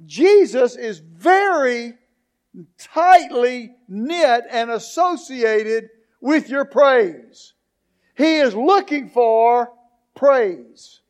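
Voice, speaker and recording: High-voiced slow-preaching man pastor. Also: lively intonation. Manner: preaching, rising to emphatic questions, slow deliberate phrasing. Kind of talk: sermon.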